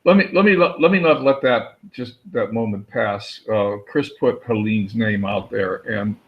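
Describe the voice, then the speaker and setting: A man's voice: on the low side, a little slow, highs cut off. A man co-hosting a casual live show, talking earnestly and rambling with many fillers and restarts. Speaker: co-host of a daily live show. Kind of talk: casual live-stream chat.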